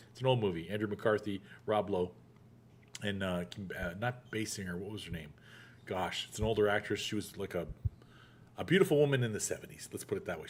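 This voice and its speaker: A middle-aged man hosting a casual show, chatty and quick to joke. His voice sits fairly low, and he laughs often between points. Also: a bit bright, slight background noise. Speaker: show host. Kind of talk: casual chat.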